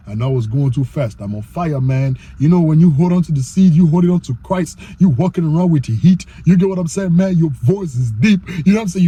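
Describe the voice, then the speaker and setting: A man teaching the Bible informally, slangy and repetitive, slowing down to read verses and growing loud and excited. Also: high voice, husky. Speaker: online preacher.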